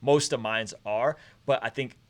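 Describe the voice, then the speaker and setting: A man in his thirties hosting a casual live stream chat, talking in a relaxed, rambling way and calling out viewers with energy. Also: medium pitch, unhurried. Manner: relaxed, rambling, animated shout-outs. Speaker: host.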